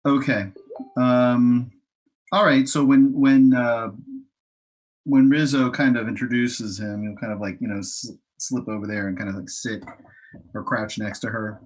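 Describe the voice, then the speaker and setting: A man at a tabletop role-playing table, his voice husky and mid-pitched. He talks haltingly, restarting lines and filling gaps with many "ums". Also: flat delivery, poor audio. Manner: hesitant, halting, with many fillers. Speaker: player. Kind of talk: casual tabletop role-play.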